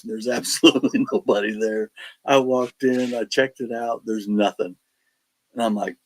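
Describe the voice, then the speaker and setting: A man telling his paranormal investigation stories in casual chat, animated and acting out the quotes. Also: medium pitch, moderate pace, gravelly, husky, low-quality recording. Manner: animated storyteller, acts out quotes, laughs between lines. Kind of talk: casual storytelling on a podcast.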